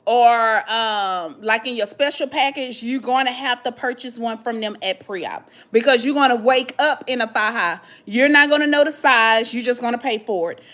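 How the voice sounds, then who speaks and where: A woman. She reads their comments aloud and answers each one in casual chat. Her retellings get dramatic, animated and full of slang. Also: on the high side, moderate pace, hardly any pauses. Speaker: vlog host answering viewer questions.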